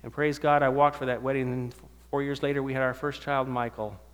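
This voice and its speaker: A man in his fifties delivers his testimony to church listeners, narrating his life and imitating the voices of others in it. His medium-pitched voice is clear, resonant and a bit bright, moving fairly quickly with little pitch variation. Long hall reverb colors the recording.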